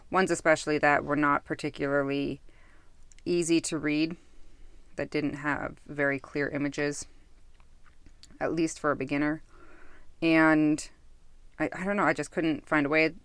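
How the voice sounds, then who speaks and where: A woman's voice: low voice, fairly even intonation, moderate pace, pauses often, clean tone, no room sound. A woman casually reviewing a tarot deck, musing aloud, losing her thread and correcting herself. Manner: musing, self-interrupting, easily sidetracked.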